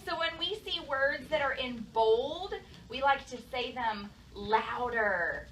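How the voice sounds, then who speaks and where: Speaking slowly in a somewhat high, slightly bright voice, a young adult female teacher leads young pupils through a lesson, questioning them often and complimenting their answers. It's captured in a noisy classroom with a far-off microphone.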